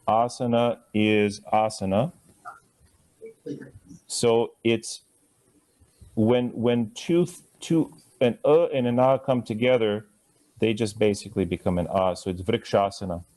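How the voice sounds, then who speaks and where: A man teaching Sanskrit pronunciation to a live class, talking conversationally, stretching words out slowly to model them, with playful chuckling asides. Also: lowish voice, warm tone.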